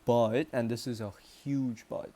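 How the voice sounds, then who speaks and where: A young man with a Canadian accent rambles slowly through a casual vlog. He speaks in a middle pitch, mocks himself, and trails off and restarts his sentences often. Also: steady tone, mellow. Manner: rambling and self-mocking, with many restarts and trailing pauses. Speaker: vlogger. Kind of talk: casual self-improvement vlog.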